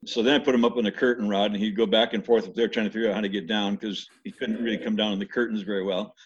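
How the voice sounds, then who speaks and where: A man's voice: on the low side, level tone, racing, husky. An older man casually recalling stories of a pet animal, rambling with restarts. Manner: rambling, many restarts, imitates animal screams. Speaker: interviewee recalling mission life. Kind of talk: casual storytelling. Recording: dull lo-fi recording.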